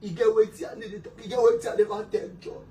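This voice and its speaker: A man's voice: sits high, steady tone, quick pace, recorded from a distance, lightly acted. A man with a Nigerian Pidgin accent playing an ailing husband on a drip, weak, pleading and tearful. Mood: weary. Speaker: sick husband. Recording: echoey room heard from afar, background noise.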